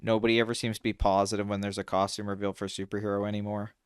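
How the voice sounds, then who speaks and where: A young man co-hosting a casual chat, animated and swearing freely, his pitch jumping when he gets excited. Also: very fast, clear, resonant tone, no room sound, clean studio sound. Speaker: podcast co-host.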